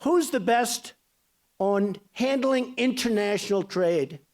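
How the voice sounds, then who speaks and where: A man's voice: sits high, takes it slowly, darkish tone. A man in his sixties giving a campaign speech as a political candidate, boastful and rambling in a conversational way.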